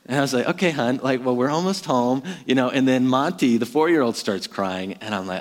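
Pastor, man, 30s, relaxed conversational sermon, filler-heavy, hall reverb. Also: medium pitch, a little fast, few pauses. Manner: conversational, self-deprecating, lots of fillers.

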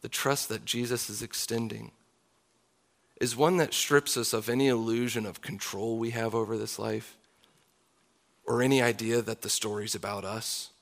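A man's voice: lowish voice, fairly even intonation, normal speed, vocal fry. A man in his thirties, a pastor preaching a sermon in an earnest, confessional way. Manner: earnest, confessional, closing in soft prayer.

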